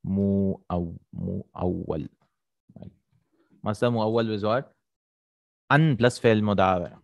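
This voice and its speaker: Male Arabic teacher, lowish voice, dry recording; patient explainer who repeats terms and checks for understanding. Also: creaky, a little mellow, dry recording, dull audio. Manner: checks in with "right?" and "hmm?", repeats Arabic words slowly. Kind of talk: explaining a textbook lesson.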